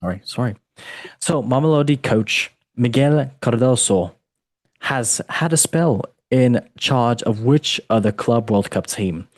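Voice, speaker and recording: A man's voice: medium pitch, lively intonation, a little slow, a little mellow, no room sound. A man hosting a football quiz, playful and teasing, calling his guest mate. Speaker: podcast host and quizmaster. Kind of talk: casual podcast chat.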